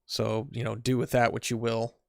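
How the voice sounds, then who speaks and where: A man's voice: mid-range voice, little pitch movement, normal speed, gravelly, darkish tone, no room sound, studio quality. A man on a casual podcast chat who often restarts his sentences and laughs along. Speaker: podcast co-host.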